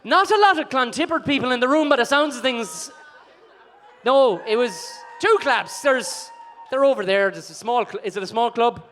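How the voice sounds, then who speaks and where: A man's voice: extremely high pitch, lively intonation, normal speed, fairly bright tone, some chatter behind. A man hosting an awards night, joking and teasing the guests on stage before a live audience. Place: event hall with a live audience.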